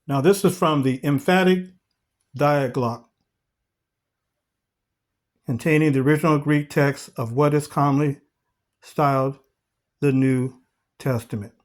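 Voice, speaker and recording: A fairly high-pitched man teaches from the Bible, reading passages slowly and with care. He calls his audience family and puts rhetorical questions to them.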